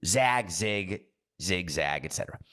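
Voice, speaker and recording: A man's voice: sits low, expressive, measured pace, fairly bright tone. A man hosting a podcast, talking in a rambling, digressive monologue that keeps interrupting itself. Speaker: podcast host. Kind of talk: casual monologue.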